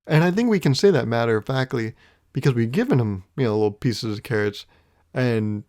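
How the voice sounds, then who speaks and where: A man hosts his own podcast, delivering a casual solo monologue in a medium-pitched, animated, slightly mellow voice at a brisk pace. He muses in a wry, rambling way, swearing casually and chuckling often.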